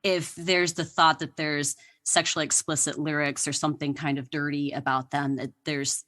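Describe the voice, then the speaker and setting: A woman's voice: deep voice, level tone, moderate pace, fairly bright tone. Chatty, giggly woman telling history stories. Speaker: podcast guest. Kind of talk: casual interview chat.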